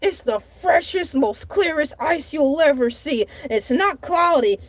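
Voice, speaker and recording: A woman's voice: expressive, unhurried, no echo. A woman voicing a boastful shark man who runs his own comedic vlog, rambling and giggly. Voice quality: very high, squeaky put-on voice.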